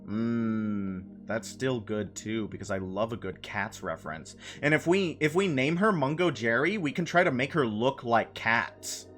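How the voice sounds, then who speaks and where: Slow-talking playful male streamer. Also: medium pitch, expressive, a bit bright, faint music behind. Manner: playful, chatty, laughs often, repeats phrases. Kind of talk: casual live-stream chat while gaming.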